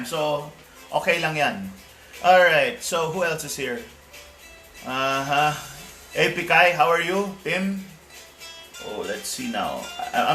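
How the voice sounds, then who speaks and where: A man with a Filipino accent talks loosely through a live cooking stream, dropping Tagalog words into his English. His voice is bright and sharp. He sounds a little away from the mic in an echoey room, with faint music behind him. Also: on the high side, recorded from a distance. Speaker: home cook.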